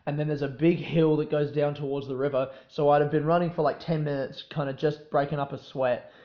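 A young Australian man talks through a solo podcast in a loose, profane, self-deprecating ramble, forever drifting off into tangents. His voice sits a little high for a man. The recording sounds roomy and slightly dull. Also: flat delivery, fairly quick. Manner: rambling, profane, self-mocking, easily sidetracked. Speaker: podcast host. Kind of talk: casual solo podcast chat.

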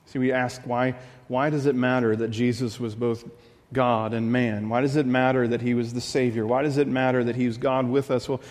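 A man's voice: medium pitch, level tone, normal speed, darkish tone, in a large hall. A man preaching a sermon as pastor, earnest and confessional, often repeating his phrases as he builds a point.

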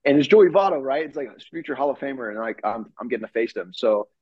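A man's voice: mid-range voice, quick pace, breathy edge, no room sound, highs cut off. A young man, a ballplayer guest, telling stories casually with lots of fillers, acting out the lines of the people in them, over a video call from his home studio. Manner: animated storyteller, acts out quoted exchanges, many fillers. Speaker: professional baseball pitcher, guest. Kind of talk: casual interview storytelling.

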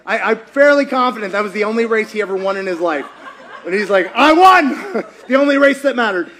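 Man, preacher, sermon, very high pitch, lively storytelling, acts out voices. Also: quick pace, a little hiss or hum. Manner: animated, acts out quotes, laughs often.

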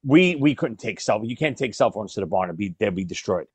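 A man telling a story to his friends in casual chat, animated, laughing often and repeating words. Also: lowish voice, a little fast, breathy edge, no echo.

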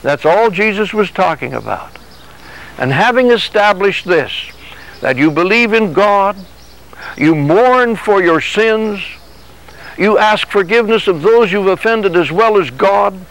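Man, preacher, sermon, earnest, acts out dialogues, high-pitched voice. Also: animated, measured pace, a bit bright, poor audio. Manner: earnest, acts out dialogue with God and his body.

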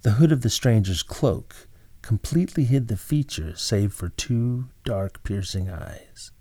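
A man narrating an old tale in a measured, dramatic way. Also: fairly low pitch, animated, warm tone, slightly rough, no echo. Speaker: storyteller. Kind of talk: scripted narration.

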